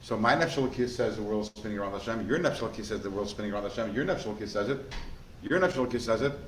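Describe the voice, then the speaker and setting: A man, a rabbi, giving a lively class, quizzing students and telling stories in an animated way. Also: on the low side, rapid-fire. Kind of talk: lively lecture with questions to students. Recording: echoey room, faint background noise.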